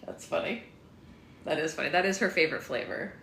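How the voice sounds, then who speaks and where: A woman's voice: deep voice, a little fast, gravelly, echoey room, slight background noise. A woman, the author, reading her own novel aloud on a live stream and chatting casually at home. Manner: lively, laughs easily.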